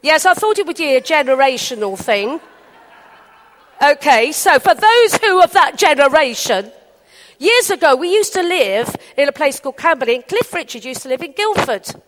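A woman's voice: high-pitched, normal speed. A woman from England preaching a sermon in a chatty storytelling way, acting out the people in her anecdotes. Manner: chatty, animated, acts out quotes.

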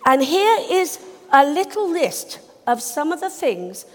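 A woman's voice: sits high, sing-song, slow. A woman giving a chatty, jokey sermon talk to a church congregation. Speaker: church speaker. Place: church hall. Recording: reverberant church hall.

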